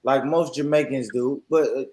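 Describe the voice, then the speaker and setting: A man's voice: mid-range voice, fairly even intonation, moderate pace, crowd noise, low-quality recording. A man, co-hosting a podcast in casual banter, joking loosely in drawling slang. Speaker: podcast co-host.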